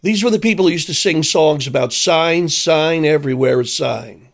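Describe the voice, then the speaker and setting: Older male commentator, profane sarcastic rant, somewhat high-pitched. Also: big pitch swings, a little fast, few pauses. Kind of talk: ranting monologue.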